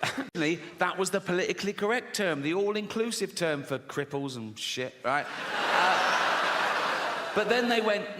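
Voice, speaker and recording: A man's voice: high voice, expressive, a little slow, heavy background noise. A British man doing a stand-up comedy routine, sardonic and sweary with mocking asides. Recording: echoey venue with loud laughter. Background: audience laughter.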